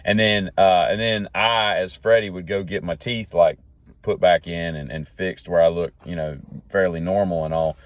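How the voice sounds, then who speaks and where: Male solo host, folksy and tangent-prone, low-pitched, dry recording. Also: steady tone, normal speed, no echo. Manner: jokey, tangent-jumping, folksy. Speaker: podcast host. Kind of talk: rambling solo monologue.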